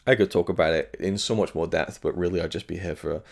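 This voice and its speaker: A man's voice: deep voice, fast, gravelly. A man giving a frank, chatty spoken review of a film release as the host of his own channel. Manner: frank and chatty, with fillers and blunt remarks.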